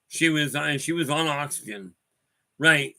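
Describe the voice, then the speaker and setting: A man's voice: on the high side, measured pace, sharp tone. A man hosting a spiritual talk stream, rambling through stories and calling out viewers by name. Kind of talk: casual talk answering viewer chat.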